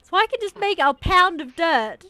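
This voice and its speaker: A woman player in a tabletop game, chatting in an animated, emphatic way. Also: very high-pitched, moderate pace, no room sound. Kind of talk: casual tabletop game chat.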